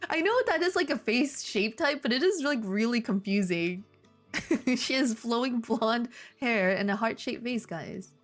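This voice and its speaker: A woman's voice: on the high side, lively intonation, unhurried, faint music behind. A young woman hosting a comedic fanfic read-through, dropping incredulous, laughing asides between passages. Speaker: host reading fanfic aloud. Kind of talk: comedic reading and commentary.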